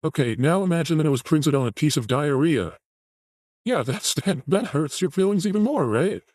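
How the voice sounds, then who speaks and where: Male host, higher-pitched, animated crude mockery, dead-dry room. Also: moderate pace, no echo. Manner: mocking, crude, ranting. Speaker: host reacting to a video clip. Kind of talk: commentary on a clip.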